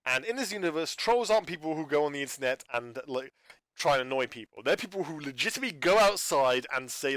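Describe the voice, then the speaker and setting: A man's voice: fairly high pitch, expressive, fast, a bit bright, no echo. A man talking in an unscripted rambling monologue, stumbling and restarting his sentences as he rants in exasperation about a video channel. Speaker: YouTuber reviewing a channel.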